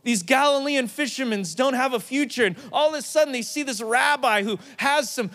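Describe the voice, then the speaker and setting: A man's voice: extremely high pitch, a little fast, fairly bright tone, big-room sound. A man, a pastor, giving a casual, joking sermon that retells scripture in everyday slang.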